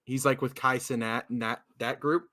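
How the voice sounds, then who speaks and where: Young dude ranting a funny story on a podcast, swears a lot, does the voices, mid pitch. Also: male voice, normal speed. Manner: animated storyteller, swears a lot, acts out quotes. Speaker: podcast co-host telling a story. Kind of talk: casual chat.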